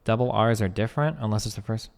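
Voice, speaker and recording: A young man doing casual live-stream commentary, reading text aloud fast and breaking off to chat, joke and swear. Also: fairly low pitch, gravelly, a little mellow, big-room sound.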